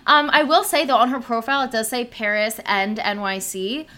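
A young woman co-hosting a podcast, talking gossip in an animated, skeptical way and swearing casually. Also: a little high, fairly quick. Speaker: podcast co-host.

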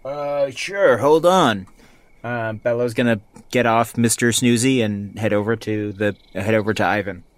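A man's voice: mid-range voice, measured pace, dry recording. A man playing a tabletop game, talking in a laid-back, hesitant way. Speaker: player. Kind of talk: casual game chat.

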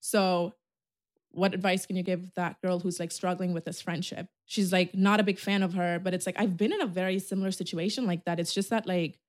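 Twenties woman on a podcast mic, chatty and loud, swears a lot, dead dry sound. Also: lowish voice, fairly quick, no room sound. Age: 20s. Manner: animated, swears, laughs often. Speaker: podcast host. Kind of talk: casual chat.

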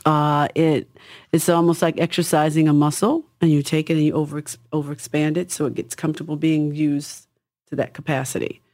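Husky-voiced woman singer, dry sound. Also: flat delivery, a little fast, darkish tone, no echo. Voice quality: husky, low-toned. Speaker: singer, guest. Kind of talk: casual interview talk.

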